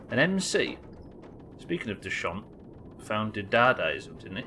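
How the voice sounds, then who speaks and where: A man's voice: mid-range voice, very animated, normal speed, a bit bright, a little hiss or hum. A man with a Yorkshire accent, chatting casually and swearing freely while streaming a game to his viewers. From Yorkshire, England. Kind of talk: casual live-stream gameplay chat.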